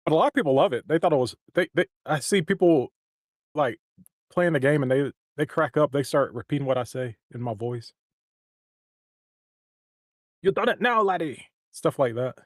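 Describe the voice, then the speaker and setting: The recording is dry and studio quality, carrying a man's mid-range voice at a fairly quick pace. He's a voice actor and stream co-host in casual livestream chat, rambling and often starting his sentences over.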